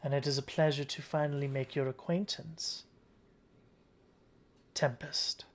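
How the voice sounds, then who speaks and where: A game master voicing a calm goddess disguised as a huntress, speaking softly and graciously in a tabletop game. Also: mid-range voice, a little slow, lightly acted.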